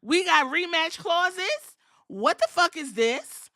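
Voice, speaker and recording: A woman hosting a podcast, recapping a wrestling show in animated, profane, storytelling chat. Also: very high-pitched, slow. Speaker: podcast host.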